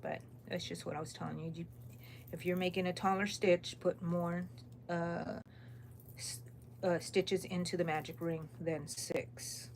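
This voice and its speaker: A woman's voice: fairly low pitch, level tone, measured pace, creaky, a little mellow, a little hiss or hum. A woman from Texas with a Texan accent, chatting casually and rambling as she reads viewer comments while crocheting on a live stream. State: tired, yawning. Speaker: crochet channel host.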